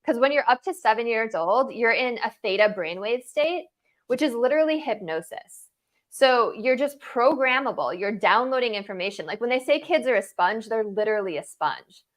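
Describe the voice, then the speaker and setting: A woman's voice: on the high side, expressive, moderate pace. Emphatic woman coach in interview. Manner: emphatic, lists points in rhythmic repetition, tags "right?". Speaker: guest, coach and author. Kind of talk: casual interview talk.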